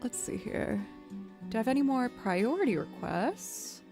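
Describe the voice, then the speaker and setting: A woman streamer chatting casually with her viewers between songs, thanking them and filling pauses with "um". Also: on the high side, sing-song, creaky, a little mellow, soft background music. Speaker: streamer and musician. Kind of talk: casual live-stream chat.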